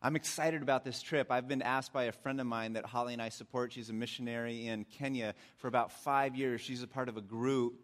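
A middle-aged man preaching as a pastor, telling stories in a conversational way that grows animated when he recounts his frustration. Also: mid-range voice, a little fast, hardly any pauses. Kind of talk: sermon.

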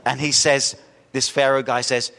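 A man's voice: medium pitch, moderate pace, vocal fry. Man preaching in an echoing church hall. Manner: animated, acts out quoted voices, asks the congregation questions. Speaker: pastor. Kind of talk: sermon.

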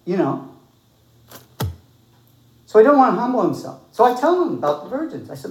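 A man's voice: high voice, very animated, fairly quick, pauses often, reverberant, poor audio. A man preaching a sermon, emphatic and repeating points for stress, and reading scripture aloud.

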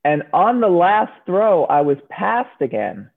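The former Olympic shot putter takes it slowly, her low voice creaky and husky. She tells stories in her interview answers with animation, imitating the people she quotes, all through a narrow, phone-like sound.

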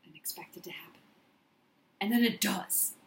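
A woman's voice: medium pitch, moderate pace, echoey room. A woman business coach giving an emphatic, repetitive motivational monologue in affirmation style.

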